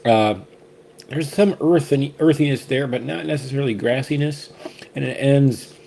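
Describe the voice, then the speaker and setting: A man's voice: medium pitch, moderate pace, creaky, dark tone, a little hiss or hum. A man hosting a casual whiskey tasting chat, rambling and restarting often as he shares his impressions. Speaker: whiskey reviewer, co-host.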